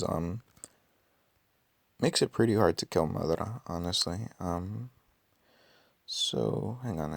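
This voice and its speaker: Raspy, gravelly low-voiced man. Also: no room sound. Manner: thinks aloud with many ums and self-corrections. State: just woke up. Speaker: mobile game player. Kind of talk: casual gameplay commentary.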